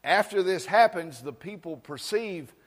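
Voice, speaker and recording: A man's voice: high voice, lively intonation, unhurried. A man preaching a folksy sermon, telling stories and asking the crowd for amens. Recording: long reverb in a large hall.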